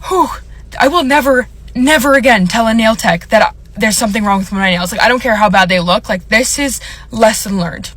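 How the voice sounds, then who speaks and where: A woman's voice: on the high side, normal speed, a bit bright. A young woman telling a story in a casual vlog, rambling and emotional, with many fillers.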